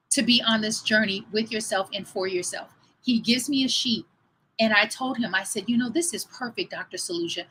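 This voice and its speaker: A woman in her fifties tells a story on her livestream in a lively, talkative way and keeps turning to her viewers. Her voice is bright and sits a little high, with faint noise in the background. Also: low-quality recording. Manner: animated, chatty, addresses viewers as y'all. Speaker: fitness trainer and livestream host.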